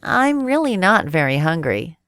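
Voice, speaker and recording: A woman voicing a fussy, polite city mouse in a storybook, slow and lively in pitch. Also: no echo, clean studio sound, exaggerated voice.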